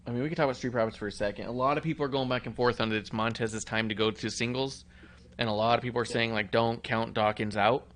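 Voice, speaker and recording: A man's voice: mid-range voice, racing. A man co-hosting a wrestling podcast, talking casually with crude jokes and blunt opinions. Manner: profane, joking, animated. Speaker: podcast co-host.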